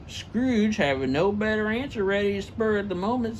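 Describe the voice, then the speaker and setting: A man's voice: high voice, unhurried, hardly any pauses, faint music behind, poor audio. A man reading a classic story aloud in a comedic style, stumbling and correcting himself as he goes. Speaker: narrator.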